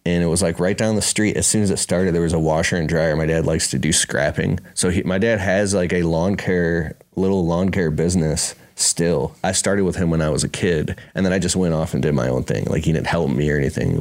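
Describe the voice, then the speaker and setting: A man's voice: low voice, a little mellow. A man telling a rambling, emotional personal story in casual speech, saying "bro" and "dude". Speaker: speaker at a business conference.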